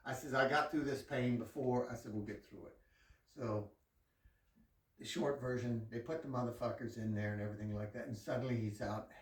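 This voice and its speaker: A man's voice: lowish voice, echoey room, far from the mic. A man telling a long personal story in casual, profane talk, laughing as he goes.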